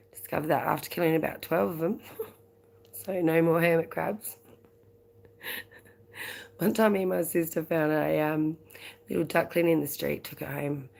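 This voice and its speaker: A woman's voice: on the low side, creaky, a little mellow. An Australian woman hosting a late-night live stream, chatting casually with viewers, rambling and laughing often. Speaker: livestream host.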